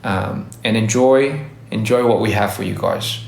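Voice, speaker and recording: A man on a casual livestream, giving upbeat, rambling shout-outs to fans and stumbling over his words. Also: fairly low pitch, unhurried, creaky, slight background noise. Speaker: musician hosting a live stream. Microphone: phone livestream. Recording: echoey room.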